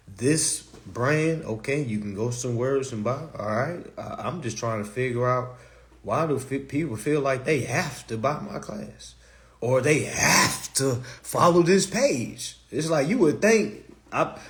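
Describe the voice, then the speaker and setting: Animated, profane man ranting on a live stream. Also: on the high side. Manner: blunt, profane, animated, with rhetorical questions. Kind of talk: casual live stream rant.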